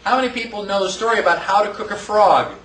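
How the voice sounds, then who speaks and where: A man teaching a class in a lively lecture, quizzing the students and acting out quotes. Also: sits high, fast, a little hiss or hum. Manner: animated, asks the class questions, acts out quotes. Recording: echoey room, voice from far off.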